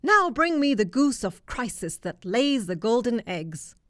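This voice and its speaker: A woman voicing a greedy male giant in a storybook reading, speaking slowly and demandingly. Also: sing-song, a bit bright, no echo. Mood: commanding. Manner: slow, booming, demanding.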